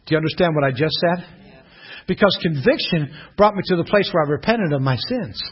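A middle-aged male preacher from western Pennsylvania, telling a personal testimony in an animated sermon and often asking the audience questions. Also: fairly high pitch, fairly quick, breathy edge, muffled recording. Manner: animated storytelling, with repeated rhetorical questions to the audience.

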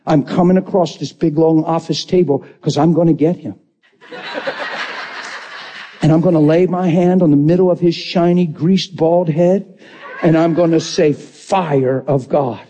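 A man preaching a lively testimony, acting out the voices in his story and laughing often. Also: fairly high pitch, unhurried, a little hiss or hum. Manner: animated, acts out quotes, laughs often. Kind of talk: sermon storytelling.

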